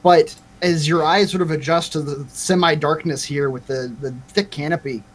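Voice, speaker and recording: A man's voice: a little high, fairly even intonation, normal speed, noisy background. A man running a tabletop game as game master, narrating with frequent hesitations.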